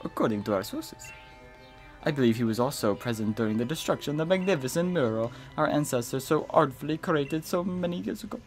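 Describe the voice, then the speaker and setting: A man's voice: a little high, animated, faint music behind, pitched above the performer's own voice, close to an everyday voice. A man putting on a snooty British villain. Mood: haughty. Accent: put-on British. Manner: theatrical, snooty, drawn-out delivery. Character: haughty, pompous adult male villain brother.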